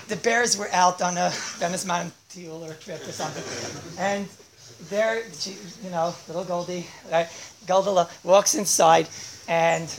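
A woman giving an informal class, talking animatedly, constantly checking in with her listeners and bursting into loud exclamations. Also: fairly low pitch, background noise. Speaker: teacher. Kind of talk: informal class talk to students.

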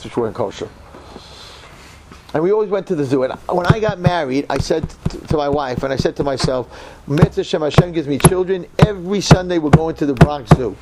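A man in his sixties from New York telling a story in a sermon, with dramatic swings from hushed murmurs to loud outbursts. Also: medium pitch, background noise. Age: 60s. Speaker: religious teacher.

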